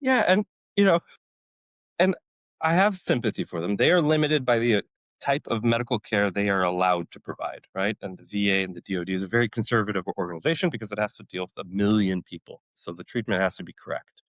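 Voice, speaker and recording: A man's voice: on the low side, fast, no room sound, low-quality recording. A man in his forties, a former special forces medic, telling his story as a podcast guest and acting out his own past outbursts. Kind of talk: storytelling interview.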